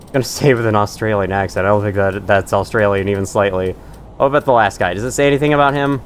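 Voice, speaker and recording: A man's voice: on the low side, fast, slight background noise. A man hosting a gaming channel, giving rambling, self-mocking let's-play commentary and chuckling to himself as he plays.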